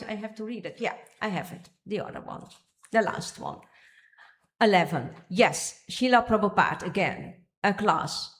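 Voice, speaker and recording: Woman giving a devotional temple lecture. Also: mid-range voice. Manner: searching for pages, restarting phrases. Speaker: speaker giving a temple class. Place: temple hall.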